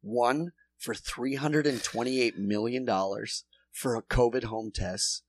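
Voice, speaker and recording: A man's voice: medium pitch, slow, no room sound. Profane ranting man, dry sound. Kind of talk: casual chat, ranting.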